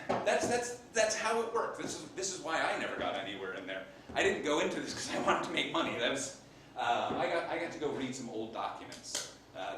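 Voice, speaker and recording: A man doing a comic in-character monologue as an improv performer, an animated storyteller playing a Renaissance papal scribe. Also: fairly high pitch, background noise. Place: live theater stage. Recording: echoey stage from far off.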